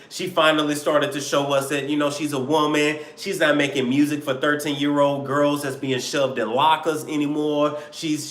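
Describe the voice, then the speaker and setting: A man hosting a live-stream celebrity gossip show, animated and joking, sometimes slipping into mock accents. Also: a little high, reverberant, a little hiss or hum.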